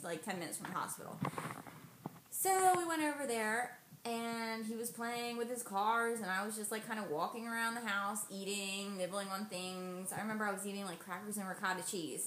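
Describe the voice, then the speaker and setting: A young woman casually telling a personal story, chatty and animated as she quotes others. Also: mid-range voice. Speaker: vlogger. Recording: echoey room, faint noise.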